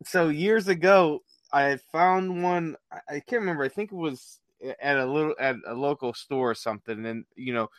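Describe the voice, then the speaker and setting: A man's voice: a little high, moderate pace, hardly any pauses, no echo. A man telling prank stories in casual chat, rambling with many fillers and restarts. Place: workplace with dispatchers.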